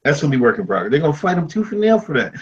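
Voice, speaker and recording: A man voicing a loud conservative male veteran uncle who rants and heckles, his pitch jumping high when outraged. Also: sing-song, rapid-fire, breathy edge. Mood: ranting. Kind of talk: comedic podcast role-play. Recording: dull lo-fi audio.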